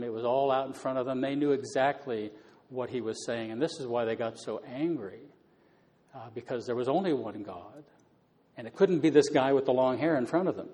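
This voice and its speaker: A man explaining Bible passages in a relaxed, conversational teaching style, with many fillers. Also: mid-range voice, moderate pace, in a large hall. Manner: conversational, many fillers, paraphrases scripture casually.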